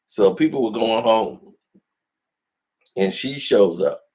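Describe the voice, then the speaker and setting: A man telling a personal story in a casual vlog, animated and acting out the people in it. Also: lowish voice, slow pace.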